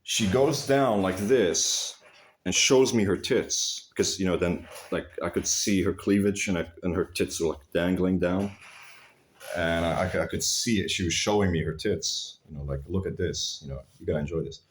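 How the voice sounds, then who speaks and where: A man's voice: deep voice, moderate pace. A man telling blunt, crude personal stories to his viewers in a rambling, casual way, calling them guys. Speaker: vlogger. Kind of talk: casual storytelling to camera.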